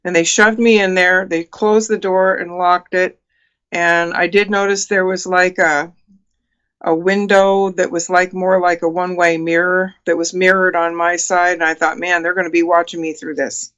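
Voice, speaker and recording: A woman's voice: fairly low pitch, level tone, moderate pace, a bit bright, clear, resonant tone, lo-fi sound. A woman in her sixties, a guest on a talk show, earnestly recounting a personal experience with many fillers and restarts. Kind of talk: telling a personal story in an interview.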